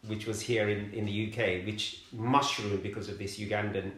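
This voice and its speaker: A middle-aged man from London telling his life story in an interview, halting and repeating words as he searches for them. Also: fairly low pitch, fairly even intonation, a bit bright. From London, England. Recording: roomy echoey room.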